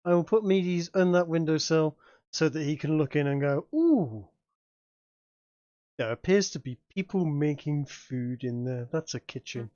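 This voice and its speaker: A man's voice: a little high, moderate pace, mellow, no room sound, highs cut off. A man narrating a tabletop game as game master, hesitant and full of fillers, over an online voice call. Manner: hesitant, many fillers and restarts.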